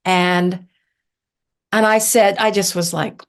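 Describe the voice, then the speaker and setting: A woman from southern Ohio, a guest on a podcast, telling stories in an animated, chatty way with many fillers. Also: lowish voice, slow, clear, resonant tone. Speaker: herbalist guest. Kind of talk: casual storytelling interview.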